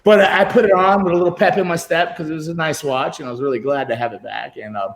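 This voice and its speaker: A man's voice: on the high side, quick pace, creaky, roomy sound. A middle-aged man telling long, rambling stories as an interview guest on a computer video call, often laughing as he talks. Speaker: guest wrestler. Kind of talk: casual interview storytelling.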